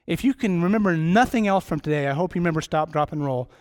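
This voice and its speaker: Casting note: high-pitched middle-aged man preaching a sermon in church, jokey and rambling. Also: lively intonation, quick pace. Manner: rambling, self-deprecating, jokey asides.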